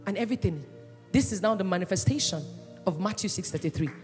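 A woman pastor preaching a sermon with passion, swinging between loud cries and hushed asides. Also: medium pitch, animated, fast talker. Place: church hall. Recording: echoey church hall, with faint music.

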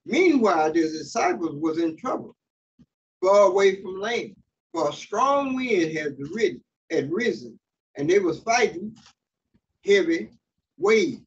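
A man's high voice, very animated yet unhurried, carries a sermon through a church sanctuary. The pastor reads scripture and keeps stopping to interpret it, using fillers and restarting sentences. Captured on a distant mic, the sound is dull with a faint hiss.

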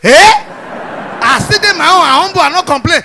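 High, bright-voiced Nigerian man doing stand-up. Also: a little fast. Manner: animated storytelling with acted voices and shouts. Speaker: stand-up comedian. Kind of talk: stand-up comedy in pidgin.

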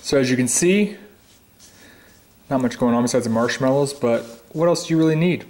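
A man's voice: medium pitch, moderate pace, a little mellow. A man giving an upbeat, playful food review in a casual vlog, tasting as he talks. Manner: tasting ice cream while talking. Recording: roomy echo.

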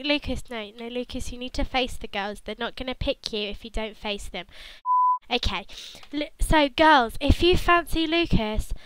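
A woman's voice: sits high, fairly bright tone, clear, resonant tone, dry recording, rough recording. Sarcastic young woman gamer. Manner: sarcastic, mock-blunt, playful. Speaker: gaming channel host. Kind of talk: game commentary.

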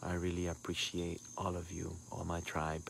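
A man giving a soft, intimate, heartfelt sign-off to his livestream, mixing in words. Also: low voice, completely flat delivery, moderate pace, creaky, slight background noise. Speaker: spiritual livestream host.

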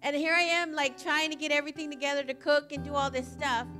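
A woman's voice: sits high, level tone, quick pace, bright, forceful tone, faint music behind. A woman giving a casual, chatty sermon at a church service, telling stories and often saying "like.". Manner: chatty storytelling, frequent "like". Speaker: church leader.

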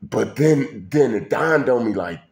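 A man's voice: mid-range voice, lively intonation, unhurried. A man telling a personal story in a casual, colloquial way, speaking straight to the listener and often restarting his sentences. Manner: colloquial, addresses listener directly, frequent restarts.

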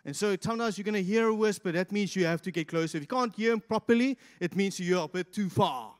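A man preaching a sermon as pastor, swinging from loud, impassioned peaks to quiet asides. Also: high-pitched, quick pace. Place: church hall. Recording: reverberant church hall.

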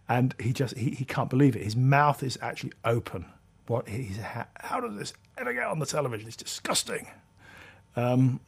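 A man's voice: mid-range voice, husky. A man commenting in a documentary interview, thoughtful and a little hesitant. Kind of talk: interview talk.

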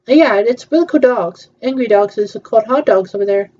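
A woman's voice: on the high side, moderate pace, dark tone, muffled recording. A woman chatting casually through a virtual theme-park tour, hesitant and playful, with frequent ums.

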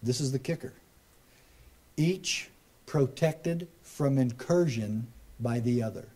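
A middle-aged man giving a rally speech, folksy and joking, building to loud emphatic punchlines. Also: medium pitch, slow. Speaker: speaker at a political rally. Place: rally crowd, live address.

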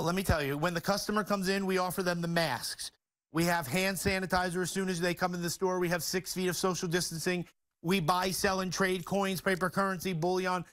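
A man with a high, bright-pitched voice delivers a jokey, boastful sales pitch at a rapid clip. He speaks as a store owner guest on a talk show and keeps up the salesman's energy, with loud, punchy emphasis.

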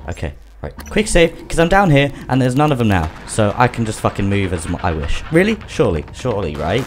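A man's voice: on the low side, very animated, normal speed, hardly any pauses, slight background noise. A man giving panicky, swearing commentary while playing a game and talking to it. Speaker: gamer. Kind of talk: gameplay commentary. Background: game music.

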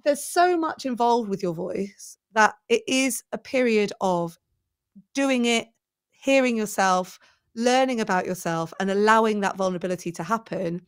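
A woman's voice: medium pitch, moderate pace, clean tone. A middle-aged woman, a presenter coach, talking enthusiastically in a podcast interview and thinking aloud as she goes.

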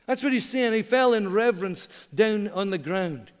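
Preaching pastor, high voice, church reverb. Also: male voice, lively intonation, clean tone. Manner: earnest, dramatic pauses, slows for emphasis. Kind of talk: sermon. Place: church hall.

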